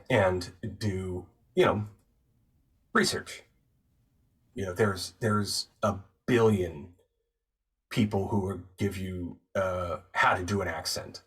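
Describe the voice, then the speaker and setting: A man who works as a voice actor and narrator, a guest on the show, calmly and thoughtfully explaining his craft step by step in casual conversation. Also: low voice, slow pace, pauses often, breathy edge, distant mic. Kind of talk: casual interview chat.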